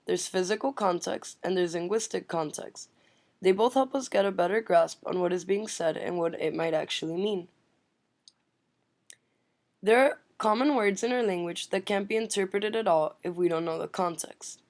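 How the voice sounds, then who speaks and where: A woman's voice: fairly low pitch, normal speed, a little mellow. A woman student reading her part of a class presentation, explaining terms.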